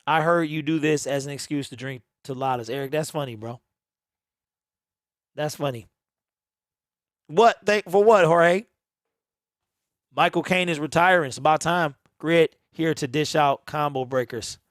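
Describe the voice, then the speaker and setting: A man's voice: on the high side, a little slow, pauses often, fairly bright tone, dry recording, clean studio sound. Chatty man hosting a game watch party. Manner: laid-back, chatty, answers viewers' comments. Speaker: live-stream watch party host. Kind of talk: casual live commentary over a game.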